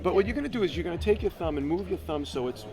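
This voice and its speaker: A man's voice: high voice, expressive, racing. A man demonstrating his guitar product in an interview, upbeat and salesy, coaching a beginner step by step. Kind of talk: product demo with live guitar playing. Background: guitar playing.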